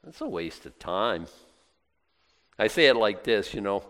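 Preaching in a relaxed, conversational style, this pastor has a lowish, fairly bright voice with big pitch swings, a measured pace and frequent pauses. His sermon, heard with long hall reverb, includes acted-out prayers and little exchanges of dialogue.

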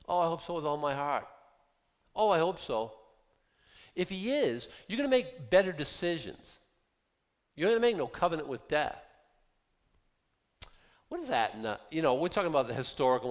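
A man in his fifties preaching a sermon in a conversational, animated way and putting questions to his listeners. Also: mid-range voice. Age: 50s. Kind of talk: sermon, Bible teaching. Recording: long hall reverb.

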